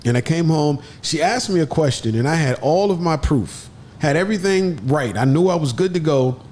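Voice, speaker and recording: A man telling a story in an animated way, with lively jumps in pitch as he acts out other people's voices. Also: normal speed. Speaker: podcast guest.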